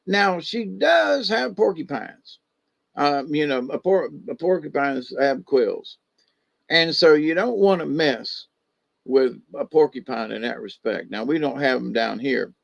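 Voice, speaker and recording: A male storyteller with a gravelly, slightly high voice, rambling through animal lessons in a folksy way. He speaks slowly with many asides. The sound is dry and dull, like lo-fi audio. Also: dry recording. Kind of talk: casual spoken storytelling.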